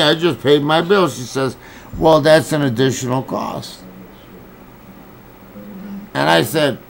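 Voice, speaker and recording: A man's voice: a little high, vocal fry, slight background noise, low-quality recording. A man telling an angry, profane story, acting out both sides of an argument in quoted dialogue. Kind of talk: angry personal rant.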